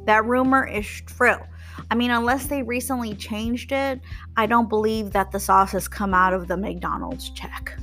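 A woman's voice: a little high, fairly even intonation, unhurried, a bit bright, soft background music. A young woman from Texas hosting a podcast, ranting about customers in a blunt, profane, sarcastic way. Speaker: podcast host. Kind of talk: casual rant.

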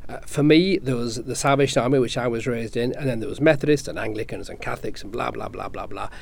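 A man's voice: mid-range voice, fast, vocal fry. A man in his sixties from Yorkshire, with a Yorkshire accent, telling anecdotes in a casual panel discussion, often restarting his sentences. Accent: Yorkshire English. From Yorkshire, England. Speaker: panel guest.

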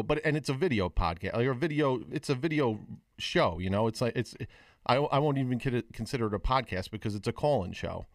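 A man's voice: medium pitch, no room sound. Man rambling through a story, dry sound. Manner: rambling, animated storytelling with many restarts. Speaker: podcast co-host. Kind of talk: casual chat on a video call.

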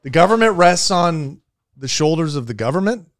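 A man hosting a casual reaction chat, joking crudely and cutting in with quick questions. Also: on the high side, expressive. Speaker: host.

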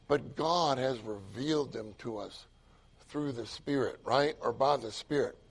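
An older man preaching a sermon, excitable and repetitive, swinging from loud emphatic lines to hushed asides. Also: medium pitch, breathy edge.

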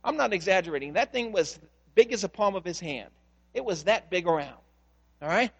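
A pastor delivers his sermon in a sanctuary, his fairly high, fairly bright voice carrying vocal fry and a breathy edge. He moves briskly with lively intonation, animating his stories and acting out their voices, and the lo-fi recording catches long reverb trailing each word.

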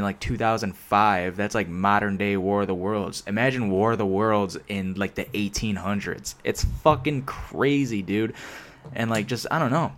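Young man in a rambling, sweary rant. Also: on the low side. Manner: rambling, heavy swearing, filler-laden. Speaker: solo vlogger. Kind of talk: casual unscripted rant. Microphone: desk microphone.

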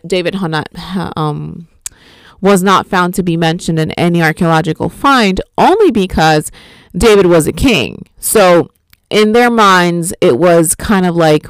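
A woman's voice: fairly low pitch, clean tone, dry recording. A woman giving an informal Bible history lesson, talking conversationally with fillers and self-corrections. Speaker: Bible teacher. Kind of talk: informal teaching talk.

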